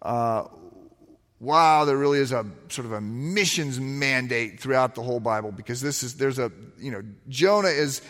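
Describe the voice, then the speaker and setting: A man giving a sermon, retelling a scripture story in a conversational, animated way with rhetorical asides. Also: medium pitch, moderate pace. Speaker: pastor. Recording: long hall reverb.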